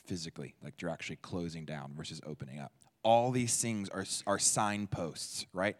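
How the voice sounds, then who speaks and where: Low-voiced man teaching in a reverberant church. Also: fairly even intonation, moderate pace. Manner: conversational, quizzes the audience and repeats their answers. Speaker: speaker at a church. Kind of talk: interactive teaching talk. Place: church hall. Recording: long hall reverb.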